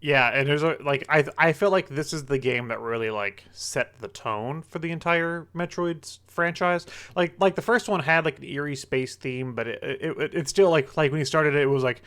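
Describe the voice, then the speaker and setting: A man co-hosting a gaming podcast, talking enthusiastically in halting bursts full of "like". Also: a little high, a bit bright, clean tone. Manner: enthusiastic, halting, heavy use of "like". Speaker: podcast co-host. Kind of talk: casual gaming podcast chat.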